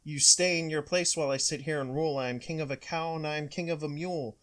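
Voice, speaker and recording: A man voicing a bossy, boastful turtle king who barks his commands loudly in a storybook reading. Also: on the high side, steady tone, quick pace, lightly acted. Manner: loud, barking commands.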